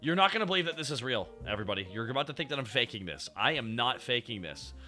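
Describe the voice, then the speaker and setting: A man hosting a stream, casual and excitable, swearing a lot and laughing often. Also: mid-range voice, quick pace, faint music behind. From Canada. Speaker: streamer host.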